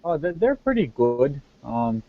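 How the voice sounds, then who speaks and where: A man's voice: medium pitch, very animated, unhurried, music in the background. A man voicing a folksy older male werewolf with a mild way of talking. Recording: dull lo-fi voice chat.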